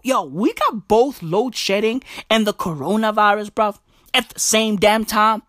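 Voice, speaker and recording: A woman's voice: mid-range voice, animated, moderate pace, a bit bright, dry recording, studio quality. A woman delivering a profane comic rant, full of slang, swearing and emphatic repeats. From South Africa.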